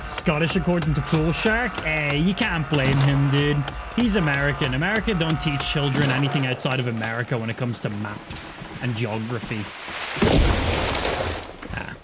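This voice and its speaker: A man's voice: medium pitch, normal speed, over loud music. An Irish man chatting casually and cursing freely while he streams gameplay and jokes around. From Ireland. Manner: chatty, profane, joking.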